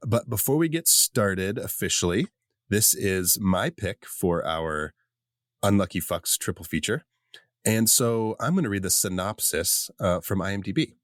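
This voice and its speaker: A man co-hosting a podcast, chatting casually about a horror movie, relaxed and rambling. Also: on the low side, measured pace, no room sound, studio quality. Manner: relaxed, rambling, with fillers and laughs. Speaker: podcast co-host.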